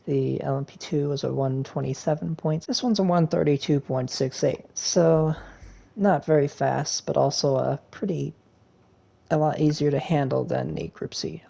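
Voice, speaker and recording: Flat, gravelly guy rambling about sim racing. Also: medium pitch. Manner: rambling, with frequent ums and uhs. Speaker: sim racing video creator. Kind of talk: casual gameplay commentary.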